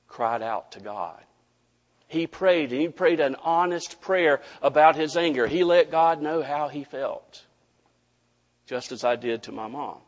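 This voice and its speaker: Folksy preacher in reverberant hall. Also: male voice, medium pitch. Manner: folksy storytelling, animated, addresses the congregation. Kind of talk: sermon with a personal story. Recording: dull audio with long hall reverb.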